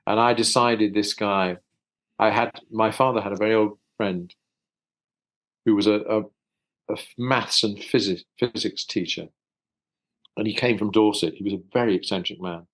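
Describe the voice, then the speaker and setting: Man from South London, fairly low voice, interview guest, thoughtful, chatty, restarts a lot. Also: steady tone, moderate pace, long pauses, a bit bright, rough recording. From South London, England. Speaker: voice actor guest. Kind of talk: casual interview chat.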